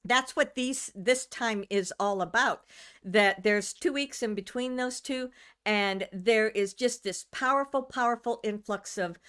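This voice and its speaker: Woman, American-born, live-stream channeler, casual rambling chat, mid-pitched, greets viewers by name. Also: a bit bright. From United States.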